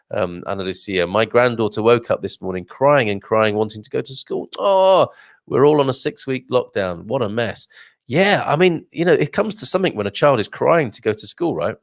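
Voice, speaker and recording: A man's voice: medium pitch, no echo, studio quality. A man hosting a live show, chatting casually and rambling through viewer comments with jokes and laughs. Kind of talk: casual live-stream chat.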